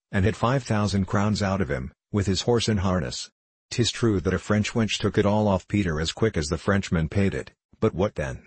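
A swaggering soldier's voice, deep and husky, full of hearty boasts, as a male storyteller puts him on. The sound is close and dry, with no room around it. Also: no room sound. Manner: hearty, boastful, free-spoken.

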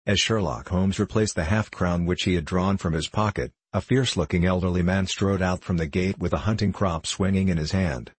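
A man narrating a classic detective story as an audiobook reader, telling it in a steady, even way. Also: sits low, fairly quick, hardly any pauses, slightly rough, dry recording.

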